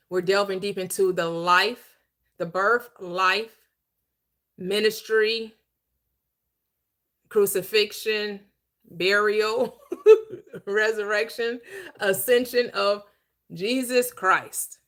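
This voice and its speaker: A woman hosting a livestreamed Bible teaching, preaching in an emphatic, conversational way, slowing down to stress key phrases and chatting with viewers in between. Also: mid-range voice, fairly bright tone. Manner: chatty asides to viewers, quick laughs.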